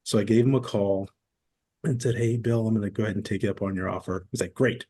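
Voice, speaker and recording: Podcast guest, man in his forties, lowish voice, easygoing storyteller who slips into the voices of the people he quotes. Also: fast talker, breathy edge. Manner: relaxed storyteller who acts out quoted dialogue. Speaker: podcast guest, former military. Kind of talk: casual interview storytelling.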